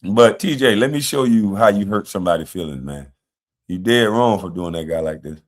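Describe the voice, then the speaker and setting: A man's voice: lowish voice, animated, brisk. A man hosting a livestream, trading brash trash talk with the chat and breaking into laughter often. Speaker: livestream host. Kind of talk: casual livestream commentary.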